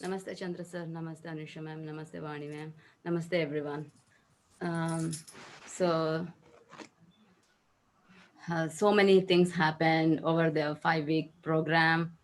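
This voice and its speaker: A woman with a fairly low voice speaks over a video call. She shares a personal experience haltingly, with frequent fillers and restarts, and emotion comes through in her voice. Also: little pitch movement, slight background noise. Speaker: program participant.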